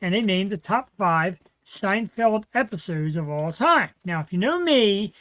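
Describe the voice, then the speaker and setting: A man's voice: high-pitched, lively intonation, unhurried, pushed and bright, no echo, poor audio. A man hosting his own livestream show, chatting casually and rambling with lots of fillers. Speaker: host. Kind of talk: casual solo livestream chat.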